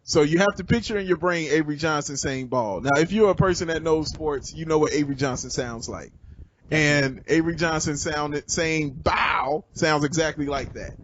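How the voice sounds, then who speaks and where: A man's voice: fairly high pitch, moderate pace, fairly bright tone, dull audio, a little hiss or hum. A man on a sports podcast as a guest, talking with enthusiasm and joking around. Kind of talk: casual sports talk chat.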